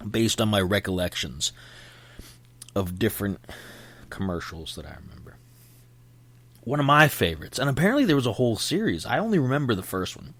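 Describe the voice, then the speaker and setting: A man's voice: lowish voice, fairly bright tone, no echo. A man hosting a podcast, rambling chattily about things he remembers and often interrupting himself. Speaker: podcast host. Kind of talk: casual rambling monologue. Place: indoors at home.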